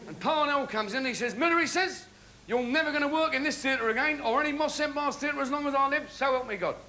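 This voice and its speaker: A man's voice: extremely high pitch, fast, pushed and bright, pitched above the performer's own voice. A man impersonating a brash, cheeky old music-hall comedian, trading patter and singing snatches of songs. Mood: storytelling.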